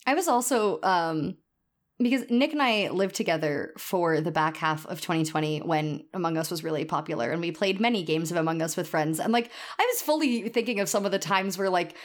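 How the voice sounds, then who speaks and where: A woman co-hosting a podcast in casual chat, animated and acting out the quotes she retells. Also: lowish voice, brisk. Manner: animated, acts out quoted lines. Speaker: podcast co-host.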